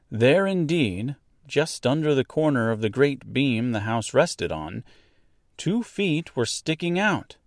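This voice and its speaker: Brief: male storyteller, unhurried, wildly lively pitch, dry close sound. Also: dry recording. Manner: slow, very expressive storytelling. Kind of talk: storybook reading.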